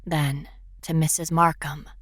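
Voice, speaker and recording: A young woman narrating a horror story in first person, often in a hushed, whispery voice. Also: deep voice, level tone, unhurried, no echo, studio quality. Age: young adult.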